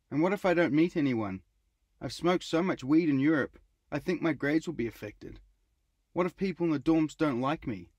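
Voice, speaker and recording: Young anxious student, rapid worried ramble, a man reading him; keep it dry and close. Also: a little high, darkish tone, no echo, voice pushed up. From Utah.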